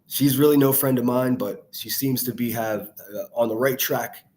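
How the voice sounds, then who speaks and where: A man's voice: mid-range voice, normal speed. A man ranting angrily over clips he plays, swearing heavily and hurling insults as a commentary youtuber. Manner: angry, profane, shouting insults.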